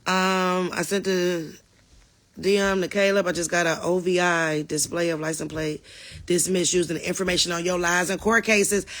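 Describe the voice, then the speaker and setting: A woman's voice: lowish voice, flat delivery, moderate pace, a bit bright. A middle-aged woman hosting a livestream, casually reading and answering viewer comments and addressing them as y'all.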